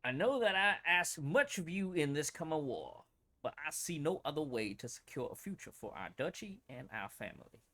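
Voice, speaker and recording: A man's voice: a little high, very animated, normal speed, pushed and bright. A man reading out a solemn noble father's letter in a put-on, old-fashioned genteel Southern accent. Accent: American Southern, put on. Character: solemn aristocratic father writing his will. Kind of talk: reading a game letter aloud in a voice.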